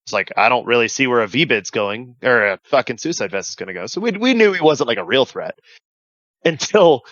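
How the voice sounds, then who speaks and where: Animated profane man telling war stories. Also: medium pitch, brisk, dry recording, dull audio. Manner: profane, animated, acts out radio calls. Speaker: veteran guest telling stories. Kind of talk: casual podcast storytelling.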